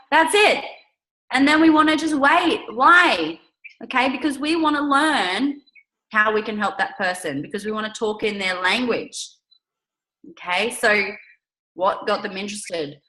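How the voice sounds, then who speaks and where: A woman's voice: mid-range voice, lively intonation, measured pace, bright, forceful tone, echoey room, poor audio. Upbeat chatty woman coaching her team. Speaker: network marketing team leader. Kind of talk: coaching call.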